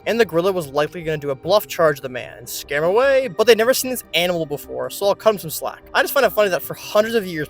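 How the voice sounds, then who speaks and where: Man, higher voice, casual video essay narration, jokey asides, faint background music. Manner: joking, informal, with asides.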